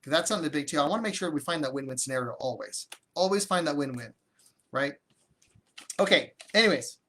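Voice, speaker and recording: A man's voice: fairly high pitch, lively intonation, a little fast, sharp tone, a little hiss or hum. A man coaching on real estate deals during a livestream, talking energetically and conversationally, often restarting his sentences. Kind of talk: live-streamed teaching with viewer comments.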